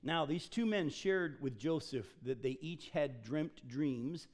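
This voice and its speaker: A man's voice: a little high, animated, slow pace. A middle-aged man preaching a sermon in a folksy, joking manner, reading scripture aloud and adding casual asides. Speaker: pastor.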